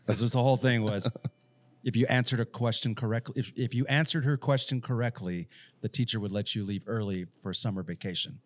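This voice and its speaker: A man's voice: on the low side, fairly quick, no room sound. A man co-hosting a podcast, telling crude jokes in casual chat with friends. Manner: animated joke-teller. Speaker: podcast co-host.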